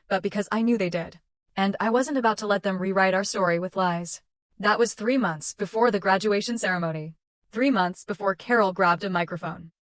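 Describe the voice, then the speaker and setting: A young woman tells a first-person story in short, measured, dramatic phrases. Her voice sits at a middle pitch. The recording is dry and close, with no room sound. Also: no echo. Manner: measured, clipped dramatic delivery. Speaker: narrator.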